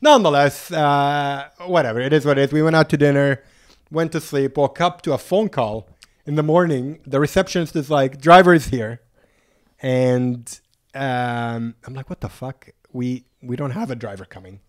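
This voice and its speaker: A man telling a travel story on a podcast in a casual, animated way, swearing freely and acting out what people said. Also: medium pitch, moderate pace. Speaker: podcast guest.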